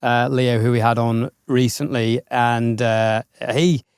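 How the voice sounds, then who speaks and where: Dry-witted podcast co-host. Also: male voice, medium pitch, takes it slowly, smooth, dry recording. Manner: dry, teasing asides, then steady explaining. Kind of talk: casual podcast chat.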